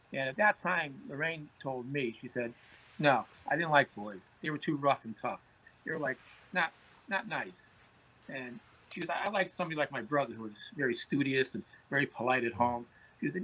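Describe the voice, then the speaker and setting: A man's voice: mid-range voice, animated, normal speed, sharp tone, husky, poor audio. A man, a podcast guest telling anecdotes in conversation, often repeating words as he starts phrases. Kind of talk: storytelling in conversation.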